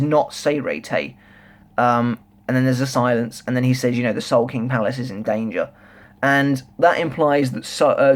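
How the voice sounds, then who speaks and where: A young man reviewing a manga chapter in a casual, rambling, excitable way, full of restarts and filler words. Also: medium pitch. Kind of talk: casual solo review chat.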